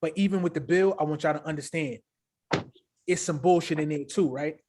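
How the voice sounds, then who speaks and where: A man co-hosting a casual crypto livestream, talking in an animated, hyped way with a habit of tagging "right?" onto his sentences. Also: fairly high pitch, fairly quick. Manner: animated, hyped, repeats himself with filler "right?". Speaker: crypto show co-host.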